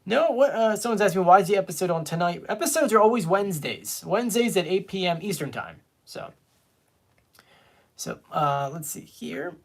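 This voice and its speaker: A man's voice: sits high, animated, normal speed. A man hosting a casual live stream, chatting and reading viewer comments aloud. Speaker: fan show host.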